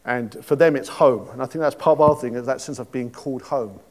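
A man's voice: medium pitch, a little fast, a little mellow. A man giving an informal sermon, chatty and joking, with many restarts. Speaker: preacher.

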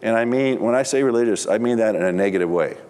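A man's voice: lowish voice, fast talker. A middle-aged man preaching, telling stories and acting out the dialogue. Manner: animated storyteller, acts out dialogue. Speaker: pastor. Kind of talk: sermon with storytelling.

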